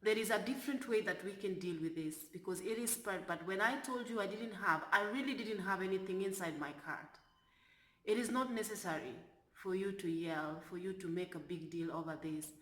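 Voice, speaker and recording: A woman, a flight attendant, telling a story from work in an animated way that turns loud when she is exasperated. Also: lowish voice, echoey room. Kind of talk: storytelling vlog.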